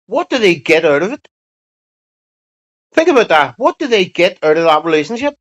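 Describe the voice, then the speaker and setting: A man's voice: sits high, very animated, normal speed, a bit bright. A man hosting a livestream, chatting casually and bluntly to his viewers with plenty of swearing. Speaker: livestream host. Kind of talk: casual rambling chat to viewers. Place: home streaming setup. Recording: dull lo-fi sound.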